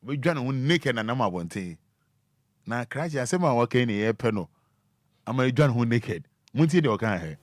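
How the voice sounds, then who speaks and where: A man's voice: mid-range voice, no room sound, clean studio sound. A man hosting a radio show, chatting casually and animatedly with teasing asides. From Ghana. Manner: animated, teasing, breaks into drawn-out sounds. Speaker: radio host.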